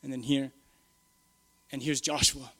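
A middle-aged man, a pastor preaching a sermon, moving from low musing to loud, emphatic preaching. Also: level tone, a little slow.

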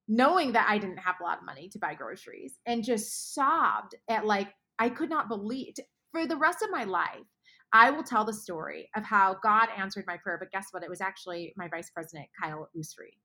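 A woman guest author speaking earnestly in a faith podcast conversation, often dropping to hushed tones. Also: mid-range voice, lively intonation, normal speed.

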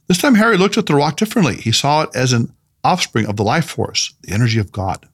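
A man narrating a story in an audiobook, reading in an expressive storytelling manner. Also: medium pitch, quick pace, slightly rough. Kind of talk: scripted narration.

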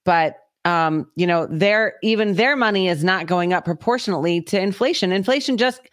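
A man's voice: sits high, moderate pace, fairly bright tone, smooth. A man co-hosting a podcast in casual, blunt chat, teasing and correcting his friend. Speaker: podcast co-host.

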